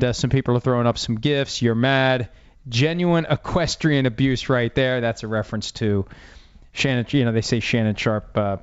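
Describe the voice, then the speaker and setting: A man hosts a casual sports podcast in a smooth, resonant voice. He rambles wryly and makes fun of himself. The sound is a little dull and lo-fi. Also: medium pitch. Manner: wry, self-deprecating, rambling. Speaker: podcast host.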